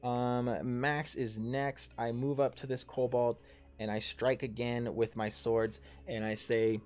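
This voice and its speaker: A man's voice: mid-range voice, steady tone, takes it slowly, darkish tone. A man in his thirties narrating a tabletop game as game master and player, rambling with many ums and self-corrections, and swearing casually. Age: 30s.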